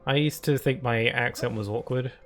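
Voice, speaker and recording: A man's voice: medium pitch, steady tone, moderate pace, fairly bright tone, faint music behind. British male game streamer with a mid-range voice and an easy, chatty, laugh-prone delivery. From United Kingdom. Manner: chatty, laughs often, reads chat and on-screen text aloud. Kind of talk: casual gameplay chat.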